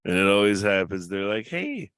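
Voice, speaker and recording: A man with a very low voice hosts a casual podcast from home. He jokes, swears and laughs easily, and the sound is close and dry with no room echo. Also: moderate pace, fairly bright tone. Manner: joking and profane, laughs often. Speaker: podcast host.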